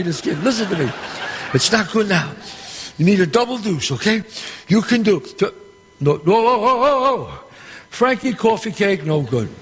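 A brash, profane middle-aged gangster boss running a dice game in a film. His voice sits fairly high and rings with a long hall echo, with faint ambience behind it. He barks orders and insults in a bossy voice. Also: a little hiss or hum. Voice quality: loud, bossy, swearing, quick with insults. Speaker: mob boss at a craps game. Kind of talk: film dialogue.

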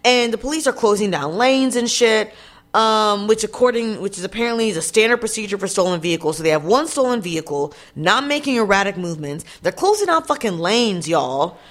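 A woman in a casual vlog, talking straight to her viewers about a news story. She is blunt and indignant and swears freely. Her voice sits at an ordinary middle pitch. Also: expressive, brisk. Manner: chatty, addresses viewers directly.

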